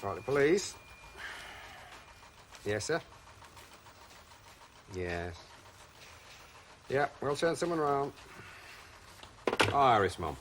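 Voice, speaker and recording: An actor playing a seasoned police sergeant who talks in a dry, matter-of-fact way, in a television police drama. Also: male voice, mid-range voice, big pitch swings, very slow, pauses often, background noise.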